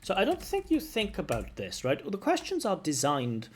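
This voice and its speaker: A man's voice: high-pitched, huge pitch swings, moderate pace, slight background noise. A man giving spoken exam feedback as a language examiner, talking conversationally and explaining step by step.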